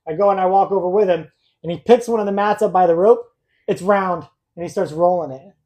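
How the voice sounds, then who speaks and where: She talks fast in a mellow, mid-range voice. A young adult co-host of a casual, live-streamed podcast, she's a blunt, rambling storyteller who keeps laughing at herself.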